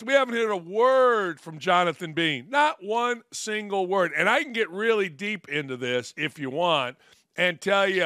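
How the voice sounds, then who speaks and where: A man's voice: sits high, bright, forceful tone, no echo, studio quality. A man hosting a sports talk show, delivering a combative, sarcastic opinion monologue. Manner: combative, sarcastic, mocking quotes.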